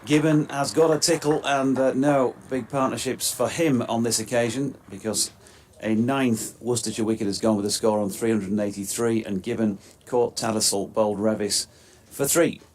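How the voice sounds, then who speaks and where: A man giving live cricket commentary, relaxed and banterish, calling deliveries as they happen. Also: medium pitch, normal speed, few pauses, slight background noise. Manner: relaxed, lifts sharply when a wicket falls.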